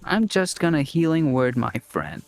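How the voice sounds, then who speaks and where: A man's voice: on the high side, huge pitch swings, moderate pace, creaky. A man playing in a tabletop game, chatting casually and playfully, often joking and laughing as he talks. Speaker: player.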